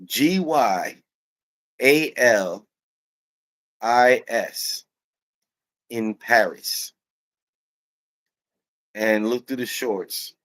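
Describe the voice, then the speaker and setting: A man's voice: mid-range voice, very slow, long pauses, a bit bright, dry recording. A man hosting a casual podcast, telling stories in a loose, profane, laughing way. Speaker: podcast host.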